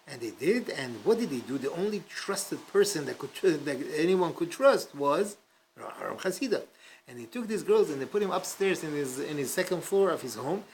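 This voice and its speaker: A man's voice: a little high, slight background noise. A man teaching a casual Talmud class, telling a story with many fillers and restarts and acting out the quotes. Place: study hall class.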